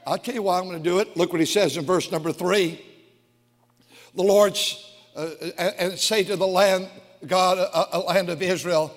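A man preaching a fiery sermon, reading scripture slowly and swinging from quiet, low lines to shouted peaks. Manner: reads scripture slowly, drawing out words. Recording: long hall reverb.

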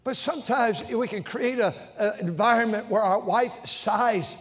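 A man preaching a sermon as pastor, swinging between shouted passages and hushed tones. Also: high-pitched, a little slow. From United States. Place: large church sanctuary. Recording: long hall reverb in a church.

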